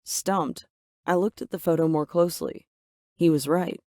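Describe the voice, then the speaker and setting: A woman's voice: lowish voice, fairly even intonation, normal speed, warm tone, no echo, clean studio sound. A woman telling a first-person story in a dramatic, emphatic way. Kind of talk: scripted first-person narration.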